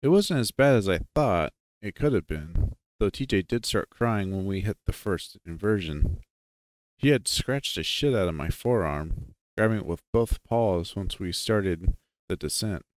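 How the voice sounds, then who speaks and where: Male storyteller, conversational first-person narration, low pitch, very expressive. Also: no echo.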